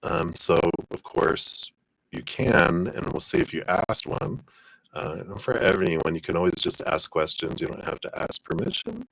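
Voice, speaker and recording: Deep-voiced man giving live tarot readings. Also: lively intonation, moderate pace, gravelly, a bit bright, no echo. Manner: chatty, reads viewer names and passes on spirit messages. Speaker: tarot reader. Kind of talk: live-stream card reading.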